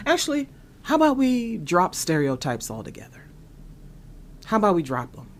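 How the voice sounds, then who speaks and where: A woman hosting her own show, giving opinionated commentary in an exasperated, animated way, full of rhetorical questions. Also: lowish voice, moderate pace, pauses often. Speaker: host.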